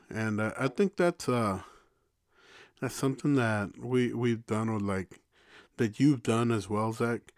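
Male podcast co-host with a lowish voice, reflective and rambling, recorded dry and close. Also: darkish tone, no room sound. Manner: reflective, rambling, many restarts and "you know". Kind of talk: casual podcast conversation.

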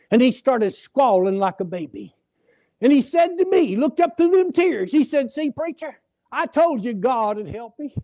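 High-voiced preacher telling stories. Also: male voice, vocal fry, dry recording. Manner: folksy, animated, acts out voices in stories. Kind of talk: sermon with storytelling. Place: church.

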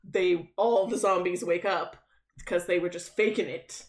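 A woman's voice: on the low side, steady tone, a little slow. A woman casually retelling a movie plot to friends, rambling and quoting the characters. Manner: rambling retelling with acted quotes. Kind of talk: casual movie recap chat.

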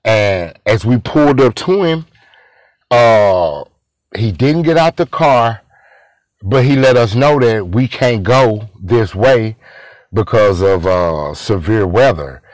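A man's voice: on the low side, expressive, slow pace, no echo. A man telling a story casually, rambling and repeating himself, talking to his listeners as y'all.

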